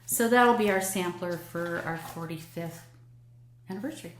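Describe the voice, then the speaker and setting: A woman in her sixties chatting warmly through her cross-stitch projects, gushing over patterns with plenty of ums. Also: medium pitch. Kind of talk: casual show-and-tell chat. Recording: echoey room with faint noise.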